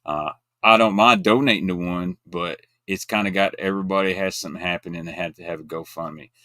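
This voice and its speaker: A lowish-voiced man talks bluntly in casual, folksy chat. His delivery comes in quick bursts, and the sound is dry and close. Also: fairly bright tone, dry recording. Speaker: guest co-host.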